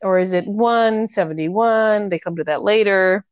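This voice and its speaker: A woman's voice: medium pitch, measured pace, clear, resonant tone, dry recording, lo-fi sound. Chatty woman recapping a book. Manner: animated retelling, acts out characters' lines. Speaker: podcast co-host discussing a novel. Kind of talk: casual chat.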